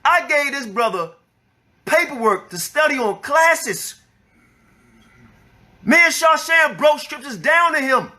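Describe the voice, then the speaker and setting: A man's voice: very high voice, lively intonation, slow, pauses often, sharp tone. A man, an elder of a religious group, angrily reacting to a clip with profane, preaching rebuttals. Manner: angry, profane, preaching, repeats the clip's words to rebut them. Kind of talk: heated reaction commentary.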